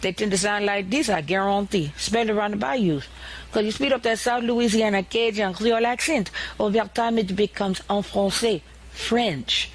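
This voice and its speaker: Southern American man, high voice, folksy explainer who demos accents. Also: moderate pace, poor audio. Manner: folksy, demonstrates accents as he talks. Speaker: commentator. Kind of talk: explanatory monologue.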